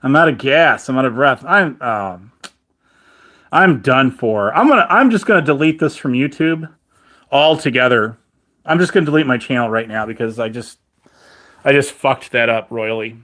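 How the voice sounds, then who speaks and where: A man chatting with viewers on a live stream, rambling and self-mocking with halting restarts and frequent laughs, his mouth dry and his voice turning crackly. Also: mid-range voice, lively intonation, pushed and bright.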